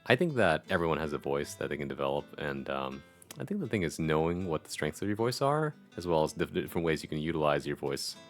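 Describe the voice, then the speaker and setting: A man's voice: extremely low pitch, big pitch swings, fast, soft background music. A man hosting a livestreamed talk show, chatting casually and playfully. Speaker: streaming show host. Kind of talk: casual chat.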